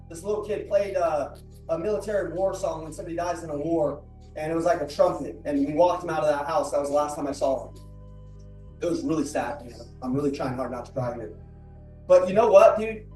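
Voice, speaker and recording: A man's voice: sits high, a little mellow. A man giving an emotional motivational talk, earnest, repeating his lines for emphasis, before an audience in a large room. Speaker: motivational speaker. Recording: roomy, from a distance, faint music.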